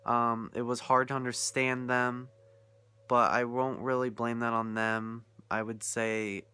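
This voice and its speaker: A man's voice: medium pitch, pushed and bright, clean tone. A young man ranting casually about a film he watched, incredulous and often laughing. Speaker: vlogger reviewing a film. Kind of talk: casual rant.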